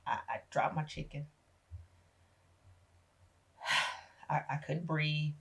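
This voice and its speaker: A low-voiced woman with a husky grain tells her life story as a podcast guest. She is middle-aged, talks with feeling and slips into the voices of the people in her tale. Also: drawn-out words. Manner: animated retelling, acting out family members' voices. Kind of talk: emotional personal storytelling.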